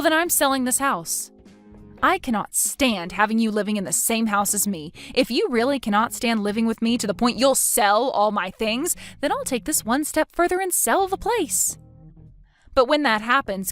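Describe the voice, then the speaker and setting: Brief: woman narrator, slightly high, very animated, firm scripted story reading. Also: moderate pace, faint music behind.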